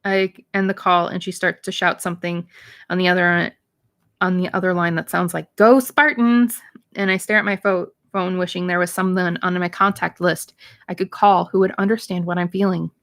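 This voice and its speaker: Woman reading a novel aloud. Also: fairly low pitch. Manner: plain reading with light voicing of dialogue, occasional slips and restarts. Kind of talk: read-aloud narration of a novel.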